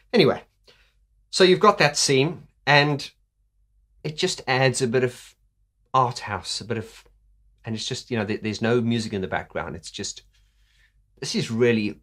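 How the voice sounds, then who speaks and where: A man's voice: medium pitch, fairly bright tone. A man hosting a casual video commentary, enthusiastic, laughing often, with many fillers. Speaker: host.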